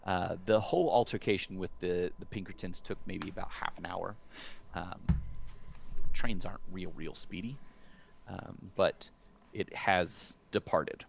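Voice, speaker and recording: A man's voice: sits low, fairly even intonation, a little slow, gravelly, a little hiss or hum. A man narrating a tabletop game as game master, hesitant with many fillers and restarts. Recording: dull lo-fi sound.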